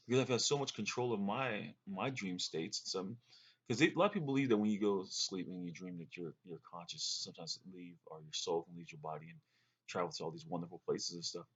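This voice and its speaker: Husky man rambling about a dream. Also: lowish voice, expressive. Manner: rambling, searching, quick restarts and fillers. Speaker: vlogger recounting a dream. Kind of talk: casual storytelling to camera.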